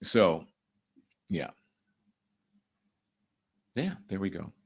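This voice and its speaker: A middle-aged man with a somewhat low voice hosts his own show in a loose, rambling way, full of fillers and warm gushing. When he turns to the news he grows emphatic and indignant, leaning hard on key words. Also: big pitch swings, extremely slow, gravelly, husky. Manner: chatty and effusive, rambling with fillers, rising to emphatic outrage. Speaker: show host. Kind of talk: casual chat turning to news commentary.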